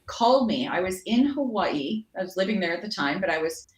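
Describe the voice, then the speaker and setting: A Canadian woman with a mid-range voice tells stories as an interview guest. She jumps into other voices for quotes and keeps her delivery animated. The room around her rings with echo. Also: medium pitch, brisk. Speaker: guest, sports announcer and weather anchor. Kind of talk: casual interview storytelling.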